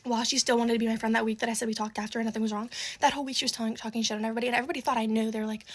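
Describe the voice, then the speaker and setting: A woman's voice: on the high side, fairly even intonation, rapid-fire, hardly any pauses, fairly bright tone. A teenage girl telling a storytime monologue, rambling with lots of "like", swearing and exasperated asides. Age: teens.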